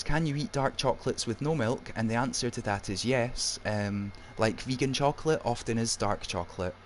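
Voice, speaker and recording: A man's voice: fairly low pitch, slight background noise. A man with an Edinburgh Scottish accent hosting a casual live stream, chatting loosely and reading out viewer messages with plenty of ums. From Scotland (Edinburgh). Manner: chatty, reads out chat with many ums. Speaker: streamer host.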